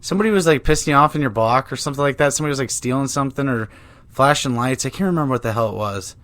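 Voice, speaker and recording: A man's voice: mid-range voice, racing, fairly bright tone. A man in his twenties hosting a podcast, telling crude, joking stories in casual chat. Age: 20s. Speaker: podcast host.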